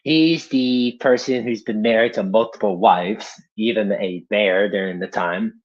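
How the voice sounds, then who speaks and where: A man's voice: lowish voice, unhurried. A young man on a casual live stream, an amateur voice actor who talks in a rambling, self-deprecating way. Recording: dull lo-fi streaming audio.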